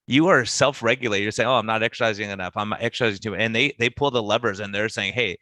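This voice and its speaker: A man's voice: on the low side, fast talker, dry recording. A man who works as a physician, talking casually on a podcast and acting out his patient conversations. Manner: animated, acts out patient conversations in quotes.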